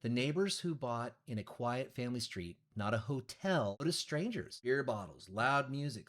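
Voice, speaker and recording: Middle-aged man, real estate agent, blunt storytelling, lively pitch, monologue to camera.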